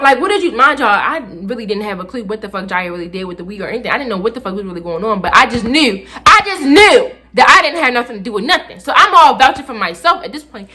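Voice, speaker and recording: Young woman vlogger, high pitched, bright and sharp, animated profane storyteller. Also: fast, few pauses. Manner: animated, profane, leaps into loud re-enacted outbursts. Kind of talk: storytime vlog.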